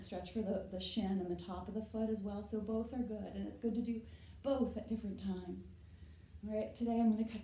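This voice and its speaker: A woman leads yoga instruction, talking through each pose as she demonstrates it and frequently saying "right?", slightly out of breath. Her voice is a little high and warm. The audio is poor, with an echoey room.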